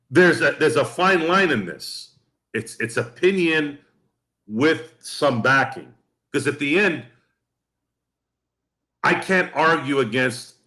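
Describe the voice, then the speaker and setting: A man's voice: a little high, animated, unhurried, long pauses, pushed and bright. Blunt, profane man on a podcast rant. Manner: blunt, profane, repeats himself when worked up. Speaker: podcast co-host. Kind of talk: heated casual podcast rant.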